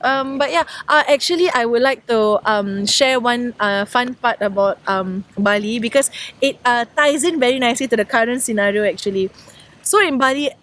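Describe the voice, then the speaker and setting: A woman's voice: fairly high pitch, fairly bright tone. A young woman, co-hosting a casual podcast chat and eager to tell her own story. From Singapore. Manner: chatty, quick to correct and take over the story. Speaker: podcast co-host. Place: outdoors.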